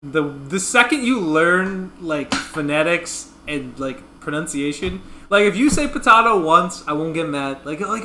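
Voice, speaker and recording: A man with a high, very bright and tense voice chats casually about sports as a show co-host. He is animated and teasing and often breaks into laughter. A faint hiss of noise sits behind him. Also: a little slow, few pauses. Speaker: podcast co-host.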